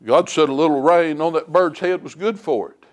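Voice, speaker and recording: A man with a high, light voice preaches a sermon in a church. He talks plainly and folksily, leaning on homespun stories. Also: normal speed. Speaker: lay preacher. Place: church sanctuary.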